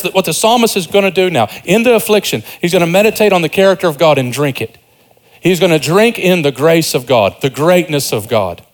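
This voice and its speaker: A man preaching a sermon, earnest and emphatic, with speech, rising to stress points and dropping to quiet asides. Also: on the high side. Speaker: pastor.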